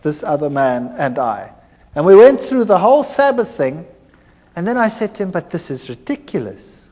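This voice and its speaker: Man telling his story, lots of ups and downs in his voice, reverb from a big hall. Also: high-pitched. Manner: animated storytelling, acting out dialogue. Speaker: former university lecturer giving a testimony. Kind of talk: personal testimony talk.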